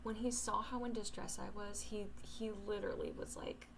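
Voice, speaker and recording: A woman's voice: medium pitch, fairly even intonation, normal speed, creaky, noisy background. A young woman in casual talk to camera, rambling and candid, swearing casually, talking at home at night.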